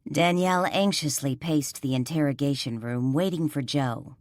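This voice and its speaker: A woman narrating an audiobook in an even storytelling delivery. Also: sits low, normal speed, few pauses, no echo, clean studio sound. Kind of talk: scripted narration.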